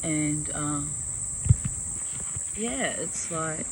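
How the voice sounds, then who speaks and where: A woman from New Zealand, with her accent, tells a story in a chatty, animated way and slips into voices for the people in it. Her voice sits a little low. Faint crickets and insects sound around her outdoors. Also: extremely slow, long pauses, background noise. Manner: chatty storyteller, acts out dialogue, laughs often. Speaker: vlogger. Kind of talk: casual spoken diary. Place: outdoors among trees.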